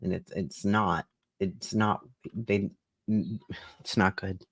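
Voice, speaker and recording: A man from Boston riffs through a casual reaction chat, swearing and laughing as he mocks what he sees. His voice sits a little low. The sound is dry, with no room around it. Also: steady tone, takes it slowly, no room sound. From Boston, USA. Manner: laughing, profane, mocking. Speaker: streamer reacting to a debate.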